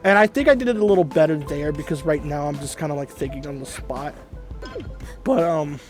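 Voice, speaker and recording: A man's voice: on the high side, brisk, music in the background. A man giving casual let's play commentary, rambling and laid-back, with frequent fillers and swearing. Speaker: gaming video host.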